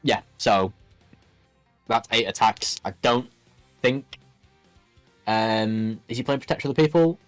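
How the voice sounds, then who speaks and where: A man's voice: medium pitch, measured pace, pauses often, no echo, soft background music. A man commentating a card game match in a loose, rambling way, full of restarts. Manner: rambling, lots of fillers and restarts. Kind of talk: casual play-by-play commentary.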